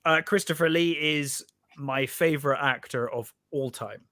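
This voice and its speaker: A man with a Bristolian accent, a little drunk, chatting as a podcast guest, jokey and quick to laugh. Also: on the high side, sharp tone. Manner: jokey, laughs often, repeats himself. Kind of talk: casual podcast chat. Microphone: home podcast microphone.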